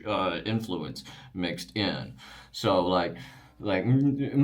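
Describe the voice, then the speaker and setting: Male, Alabama Wiregrass Southern accent, lower pitch, casual rambling explainer. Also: takes it slowly. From Wiregrass region of Alabama. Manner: relaxed, rambling, with frequent fillers and restarts.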